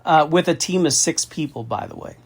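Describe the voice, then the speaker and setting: A man's voice: on the high side, lively intonation, fairly quick, husky. A middle-aged man from Austin, Texas, telling a personal story in a phone conversation, candid, emphatic and often profane. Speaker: federal contracting consultant.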